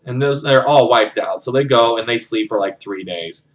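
A man's voice: mid-range voice, normal speed. A man casually retelling a novel's plot in his own words, rambling and swearing freely. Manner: rambling, profane, lots of "you know". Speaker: book reviewer.

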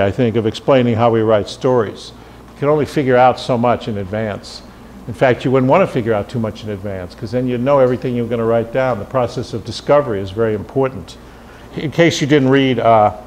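A man giving a seminar lecture on writing, thoughtful and loose, pausing often on fillers. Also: mid-range voice, darkish tone, slight background noise. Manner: thoughtful, with frequent fillers and restarts.

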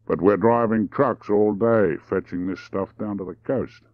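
A man's voice: on the low side, very animated, no room sound, muffled recording, pitched above the performer's own voice. A man doing a drawling young Australian driver. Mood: deliberate. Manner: slow deliberate drawl. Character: young male Australian truck driver, calm.

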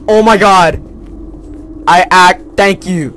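A man's voice: high voice, measured pace, a bit bright, a little hiss or hum. A young man playing a horror game, muttering profane, sarcastic commentary to himself. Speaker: gaming video creator.

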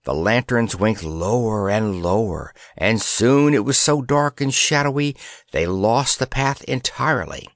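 A man's voice: on the low side, expressive, a little slow, no echo, clean studio sound. A man reading a children's fantasy story aloud as an audiobook narrator, telling it expressively.

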